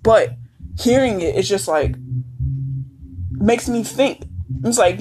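A woman's voice: mid-range voice, animated, moderate pace, long pauses. A woman hosting a podcast, talking casually in a blunt, swearing, emphatic way. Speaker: podcast host. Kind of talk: casual monologue.

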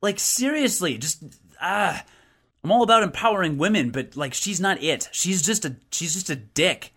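A man's voice: high voice, moderate pace, breathy edge. A man co-hosting a gaming podcast in casual, opinionated chat, with many restarts. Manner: animated, opinionated, lots of restarts. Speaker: podcast co-host.

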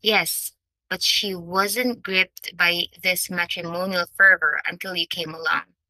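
A woman voicing a wry, teasing young gentleman, the eldest brother, in an audiobook reading. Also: lowish voice, steady tone, unhurried, dry recording, low-quality recording.

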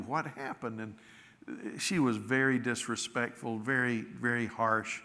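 A man's voice: mid-range voice, steady tone, bright, forceful tone. Man preaching in a reverberant hall. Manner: retells a story, quoting others with slowed emphasis. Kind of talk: sermon storytelling. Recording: long reverb of a large hall.

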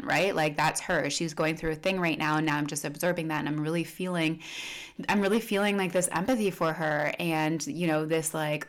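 Chatty woman coach, low-pitched. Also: steady tone, brisk. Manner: chatty, many "like" and "you know" fillers; upbeat sign-off to followers. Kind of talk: casual teaching monologue.

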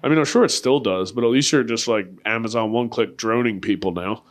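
A man's voice: medium pitch, quick pace. A young man hosting a comedy podcast, rambling in crude, profane bursts and laughing often at his own jokes. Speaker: podcast host.

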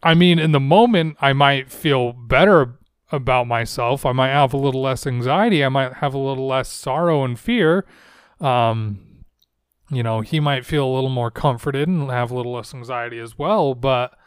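Speaking softly into a close mic, a young podcast host reflects alone in an earnest, searching manner. His medium-pitched voice moves at normal speed, and the sound is clean with no room sound.

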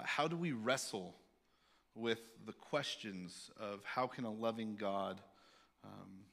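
A male pastor giving a sermon in a candid, halting way, with many fillers and restarts. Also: medium pitch, sharp tone.

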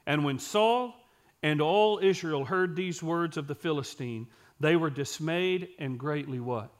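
Man preaching a sermon with scripture, fairly high voice. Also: animated. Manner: reads scripture aloud, then pauses to explain it and ask the listeners questions; drops to a quiet, intense voice for emphasis.

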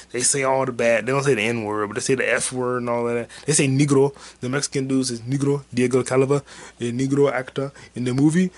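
A man talking alone into a camera and mic about movies, loose and rambling, with plenty of swearing and jokes. His voice sits at an ordinary middle pitch. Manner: rambling, profane, jokey, puts on silly voices for quotes. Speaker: podcast host. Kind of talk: solo movie-review rant.

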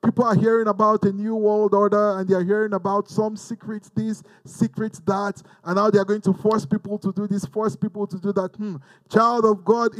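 A man's voice: sits high, no room sound, poor audio. A man from Africa preaching a teaching sermon, fervent, repeating phrases and leading the listeners in call-and-response.

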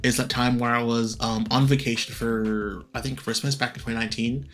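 A young man co-hosting a podcast, chatting casually and telling stories quickly, acting out what others said. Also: mid-range voice, fairly even intonation, fairly bright tone. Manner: fast storytelling, acts out quoted voices. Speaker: podcast co-host. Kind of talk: casual chat.

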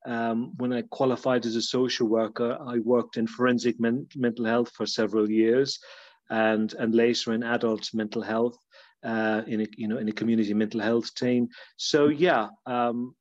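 A man's voice: mid-range voice, little pitch movement, normal speed, no room sound. A man in his fifties with an Irish accent, a social worker speaking as a podcast guest, talking hesitantly with many fillers and restarts. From Ireland. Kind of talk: casual podcast interview. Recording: dull, lo-fi, dry sound.

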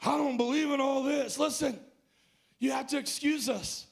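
A man with a very high, gravelly voice preaches a sermon in a church. He builds to fervent shouted peaks, then drops back down to a low, intense delivery. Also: normal speed. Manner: impassioned, rising to shouts and dropping low. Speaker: pastor.

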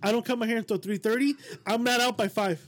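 A man hosting a podcast in casual chat, with loose, excitable and profane banter. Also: extremely high pitch, fast talker. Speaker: podcast host.

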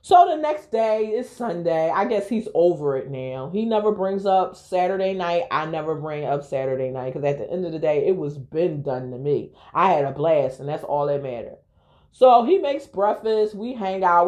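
Lively, frank woman telling a story. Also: on the low side, lo-fi sound. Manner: frank, profane, animated storytelling. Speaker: podcast host. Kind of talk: candid storytelling.

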